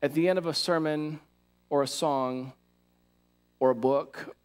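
A male pastor giving a sermon in a church, talking in a lively, conversational way with asides to the congregation. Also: fairly high pitch, a little slow, clean tone. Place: church sanctuary.

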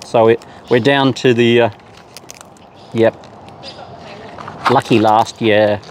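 A man's voice: medium pitch, fairly even intonation, slow pace, long pauses. A man talking playfully to wild cockatoos outdoors, in a teasing baby-talk way. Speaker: bird feeder vlogger. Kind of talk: casual chat to wild birds. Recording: noisy outdoor recording. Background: birds and outdoor noise.

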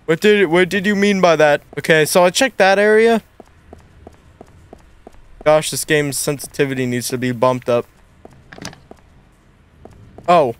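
A man's voice: a little high, unhurried, long pauses, smooth. A young man giving nervous, jumpy let's-play commentary on a horror game, talking to himself as he plays. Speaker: gaming YouTuber.

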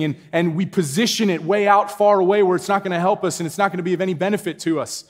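A man preaching from a church stage with a fairly high voice. He tells a story at an easy pace, then climbs to emphatic, insistent points. His voice rings out with a long hall reverb behind it. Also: fast, few pauses. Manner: storytelling, rising to emphatic exclamations. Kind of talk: sermon. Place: church sanctuary.

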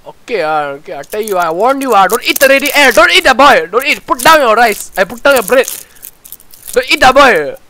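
Young man, comic nagging invigilator, swooping lively pitch, bright tone. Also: brisk, no room sound, poor audio. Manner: nagging, exclaiming, tags lines with lah and ah. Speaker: comedy sketch creator. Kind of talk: comic sketch playing a scolding exam invigilator.

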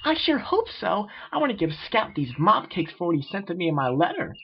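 A man voicing a hyper, bubbly female pony in a squealing high voice. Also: big pitch swings, a little fast, gravelly, breathy edge, highs cut off, exaggerated voice. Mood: excited.

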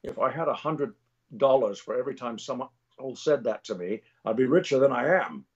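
A man impersonating a gruff old Scottish film star. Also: mid-range voice, animated, fairly quick, highs cut off, a little hiss or hum, close to an everyday voice. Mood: wry gruff.

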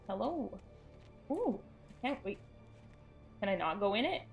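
A woman's voice: mid-range voice, measured pace, vocal fry, soft background music. A woman streaming a game live, chatting with her viewers and reacting in sudden bursts and laughter at a desk microphone. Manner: animated, jumpy reactions, bursts of shrieks and laughter.

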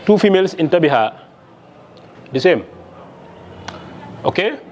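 A man's voice: high voice, big pitch swings, measured pace, a little mellow, highs cut off, slight background noise. A man lecturing on Arabic to a class, asking the students questions and checking their understanding with frequent "okay?" along the way. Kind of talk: classroom lesson.

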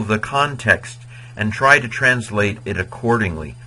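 A man's voice: mid-range voice, expressive, unhurried, pushed and bright, rough recording. A man teaching Latin grammar in an informal video lecture, chatty and digressive, sometimes chanting verb endings in a sing-song rhythm. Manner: chatty and digressive, with many fillers.

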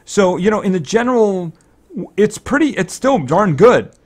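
A man giving casual gameplay commentary, thinking aloud, excitable and fretting over each purchase. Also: high-pitched, normal speed. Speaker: let's-play commentator.

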